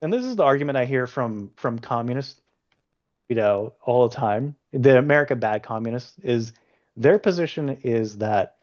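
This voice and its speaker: A man's voice: mid-range voice, lively intonation, moderate pace, a little mellow, muffled recording. A man as a podcast guest, pushing back bluntly in a political debate. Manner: blunt and dismissive, often interrupted.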